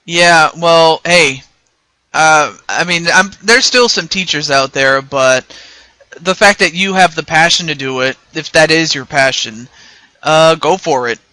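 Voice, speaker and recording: A man's voice: a little high, measured pace, sharp tone, dry recording. An American man hosting a casual interview, talking hesitantly with many fillers and restarts. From United States. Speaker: interview host.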